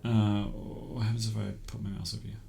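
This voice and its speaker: A man's voice: fairly low pitch, little pitch movement, brisk, gravelly, warm tone, roomy sound. A man giving casual commentary while showing games, thinking aloud with many ums.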